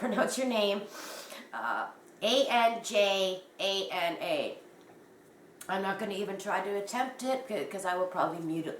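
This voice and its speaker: Congested woman vlogger, casual and rambling, mid pitch, echoey room. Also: distant mic. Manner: rambling, trailing off quietly. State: congested, sniffling. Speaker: crochet vlogger. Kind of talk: casual chat to camera. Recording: echoey room, faint noise.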